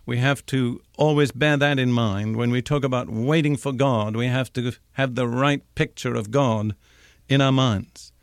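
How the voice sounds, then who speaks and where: An older man teaching from the Bible in a measured, emphatic sermon, slowing down to stress key words. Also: mid-range voice, steady tone, clean tone, no room sound, clean studio sound. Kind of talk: recorded radio sermon.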